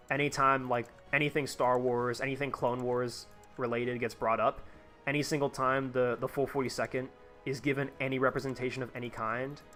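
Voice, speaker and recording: A man's voice: mid-range voice, a bit bright. A young man live-streaming a game, chatting casually and rambling with lots of fillers and restarts. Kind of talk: casual gameplay commentary.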